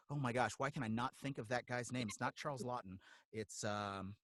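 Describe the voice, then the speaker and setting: A man, a guest voice actor, chatting in a casual interview, animated and groping for names, slipping into voices mid-sentence. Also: mid-range voice, fairly quick, no room sound.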